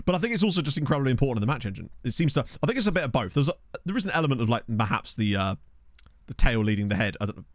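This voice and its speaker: A man talks through a football management game on his stream, musing aloud in a loose, chatty way. His pitch swings up and down a lot as he reacts. The sound is close and dry, with no room around it. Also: very animated, racing, dry recording. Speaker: gaming streamer. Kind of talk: casual let's-play commentary. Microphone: desk microphone.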